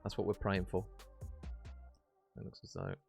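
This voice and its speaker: A man casting an esports match on stream, chatty and jokey, chatting warmly with his viewers. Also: sits low, very animated, moderate pace, creaky, faint music behind. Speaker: esports caster. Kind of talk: casual stream commentary reading chat.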